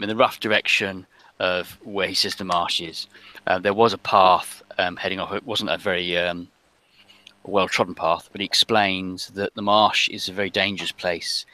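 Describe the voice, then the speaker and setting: A man narrating as game master of a tabletop role-playing game, halting, with many fillers. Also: low-pitched, pushed and bright.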